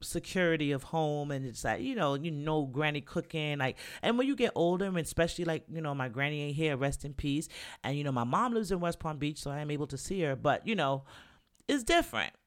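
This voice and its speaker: A man from New talks casually with the of his home city, his voice sitting a little higher than most men's. He tells his stories in a candid, animated way, swears freely and often breaks into laughter. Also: a little fast, clear, resonant tone. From New York. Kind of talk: casual storytelling monologue.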